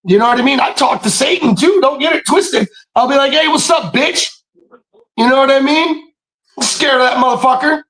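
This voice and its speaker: A man telling stories in a casual monologue, animated and preachy, swearing freely and often breaking into shouts. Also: very high voice, brisk, low-quality recording. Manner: profane, streetwise slang. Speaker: podcast speaker.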